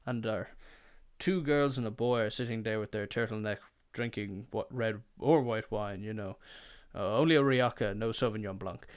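With a smooth, lowish voice at a moderate pace, a young man hosts a podcast of casual comedic storytelling. His stories ramble and swear freely, and he drops into put-on voices now and then.

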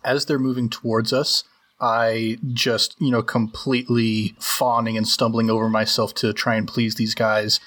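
A man playing a tabletop game, joking and quick-talking. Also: mid-range voice, little pitch movement, fairly bright tone. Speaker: player. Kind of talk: casual chat.

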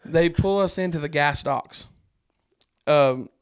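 A man's voice: on the high side, takes it slowly, smooth. A man from Arkansas, a podcast guest, telling a story in casual chat and acting out his own panic.

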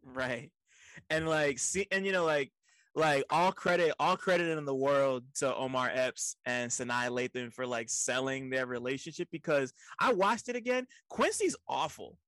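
A young man in casual chat, animated and profane, stammering repeats and laughing often. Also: medium pitch, normal speed, dry recording, rough recording.

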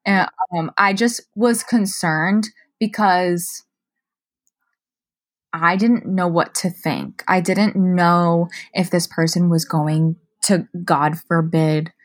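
A young woman co-hosting a podcast, telling a story in a casual, animated way that is full of swearing and "like". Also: lowish voice, slow. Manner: animated, profane, lots of "like". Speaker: podcast co-host.

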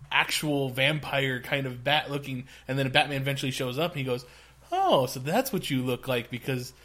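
Hesitant man recalling a story. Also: medium pitch. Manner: hesitant, searching for memories, laughs between phrases. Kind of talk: casual chat.

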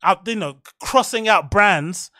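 Man, high voice, dry close sound, swearing rant, solo podcast host. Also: unhurried, sharp tone, no room sound. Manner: heated, profane, rambling rant.

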